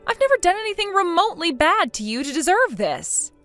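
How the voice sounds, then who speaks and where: Computer woman's voice as a mocking young wife, sarcastic, dismissive, lively pitch. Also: a little fast, soft background music, heavily acted. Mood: upset. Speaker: daughter-in-law. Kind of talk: text-to-speech chat story.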